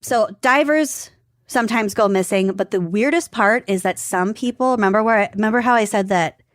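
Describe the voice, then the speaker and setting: A woman co-hosting a podcast in casual chat, talking fast and loose with lots of "like" and frequent laughs. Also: mid-range voice, no room sound, clean studio sound. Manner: chatty, laughs often, says "like" a lot. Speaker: podcast co-host.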